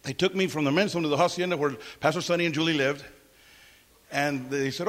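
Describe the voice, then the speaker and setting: Male pastor, high register, animated and emphatic, preaching to his congregation. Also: a little fast. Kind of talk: sermon.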